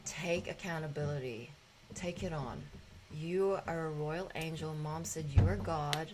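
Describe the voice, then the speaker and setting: Woman hosting a spiritual gathering, loose and rambling, somewhat low voice. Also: unhurried, noisy background. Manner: loose, rambling, with fillers and swearing. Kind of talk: casual spiritual talk.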